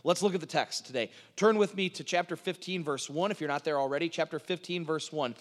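A male preacher with a high voice teaching through a scripture passage, hammering his points home by repeating phrases. He often stumbles and restarts his words mid-sentence. His voice rings with a long hall reverb. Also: fairly quick. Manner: emphatic repetition, frequent stuttered restarts. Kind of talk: expository sermon.

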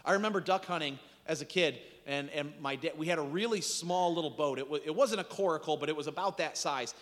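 Man, sermon, high voice, animated storytelling, long echoing reverb. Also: fairly quick. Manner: animated storytelling, dramatic swings in pitch and loudness. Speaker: pastor.

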